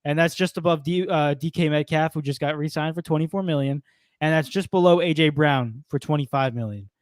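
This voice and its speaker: A young man co-hosting a sports show, talking through contracts and stats in a relaxed way. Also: a little high, fairly quick, no room sound, studio quality. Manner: relaxed, lists stats and numbers. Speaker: podcast co-host. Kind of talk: casual sports talk.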